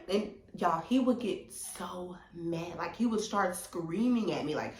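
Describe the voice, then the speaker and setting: A young woman telling a storytime to her viewers in an animated, slangy way. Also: fairly low pitch, measured pace, hardly any pauses, reverberant, slight background noise. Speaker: vlogger. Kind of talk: storytime vlog.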